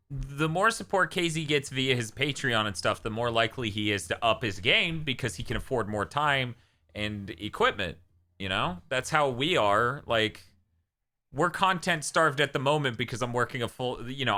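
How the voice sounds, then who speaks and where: Bright-voiced casual man. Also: medium pitch, normal speed. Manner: laid-back, teasing, rambling. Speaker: co-host of a game stream. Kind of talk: casual chat.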